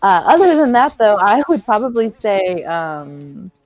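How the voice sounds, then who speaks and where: A woman's voice: mid-range voice, very animated, a little slow, darkish tone, no echo, poor audio. A woman from New York co-hosting a casual livestream, teasing and laughing easily. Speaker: co-host.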